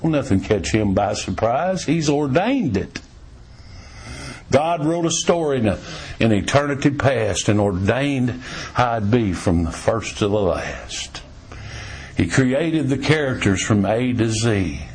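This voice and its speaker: A man preaching a sermon in a folksy, storytelling way, swinging between emphatic raised lines and low, quiet ones. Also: very animated, unhurried, husky.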